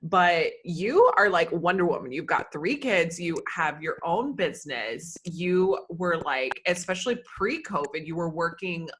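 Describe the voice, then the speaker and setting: A woman's voice: on the low side, lively intonation, unhurried, few pauses, fairly bright tone. A woman co-hosting a podcast, asking teasing questions and laughing easily. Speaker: podcast co-host. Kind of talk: casual chat.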